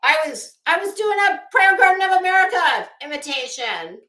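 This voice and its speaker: A woman's voice: extremely high pitch, sing-song, moderate pace, pushed and bright, echoey room. A woman hosting a casual livestream, chatting sarcastically and greeting viewers in her chat. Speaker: livestream host.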